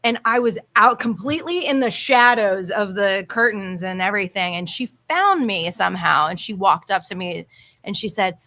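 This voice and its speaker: A female singer recounting a backstage story as a guest in a casual chat. Her voice is bright and crisp, and she talks with eager enthusiasm. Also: mid-range voice, moderate pace.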